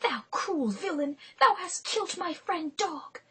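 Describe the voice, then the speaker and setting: A woman voicing a small, fierce female sparrow with sharp high cries and cold taunts, in a breathy storybook reading. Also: expressive, measured pace, heavily acted. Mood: vengeful.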